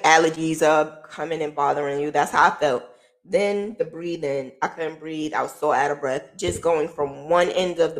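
A woman telling her own story in a casual vlog, candid and emotional, swearing freely, her voice dropping low and quiet, then rising loud and laughing.

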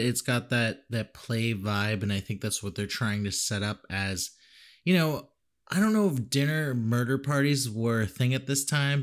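A male podcast host in casual chat. He is loose and irreverent, breaking into laughter and swearing freely as he talks about movies. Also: mid-range voice.

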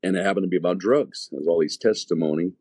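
A man tells his life story in an easy, rambling way, and his voice sits very low. He slips into the voices of the people in his past as he tells it. The sound is dry and close, with almost no room around it. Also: quick pace, a little mellow, breathy edge, dry recording. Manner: storytelling, acting out past dialogue; loose, rambling, full of "you know". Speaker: evangelist telling his testimony. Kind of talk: casual spoken testimony.

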